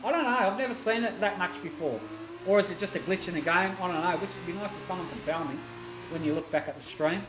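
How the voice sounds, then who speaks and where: A man commentating a sim racing stream, getting loud and excited at the action. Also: high-pitched, fast talker. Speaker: esports race commentator. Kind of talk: live stream race commentary. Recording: roomy with faint noise.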